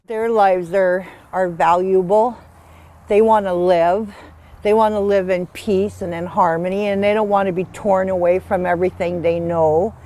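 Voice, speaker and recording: A woman's voice: medium pitch, steady tone, moderate pace. A woman in her sixties who runs an animal sanctuary, talking casually and with feeling for a documentary, outdoors on a farm. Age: 60s. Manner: soft, heartfelt, emotional. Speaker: pig sanctuary owner.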